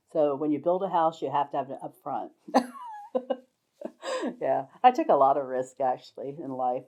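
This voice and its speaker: A woman's voice: sits low, dark tone. An older woman telling rambling stories from her life, often breaking into laughter. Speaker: storyteller sharing life stories. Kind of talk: casual spoken memoir. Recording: dull lo-fi recording.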